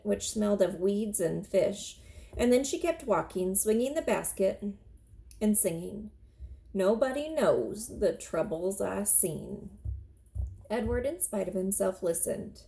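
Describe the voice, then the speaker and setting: Creaky-voiced woman reading a storybook. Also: medium pitch, moderate pace, poor audio. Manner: expressive, steady storytelling. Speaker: teacher reading aloud. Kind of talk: storybook read-aloud.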